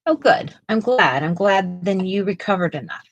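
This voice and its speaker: A woman's voice: mid-range voice, expressive, moderate pace, low-quality recording. A middle-aged woman co-hosting a live art stream, chatting casually and rambling with lots of fillers and restarts. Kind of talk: casual chat while painting.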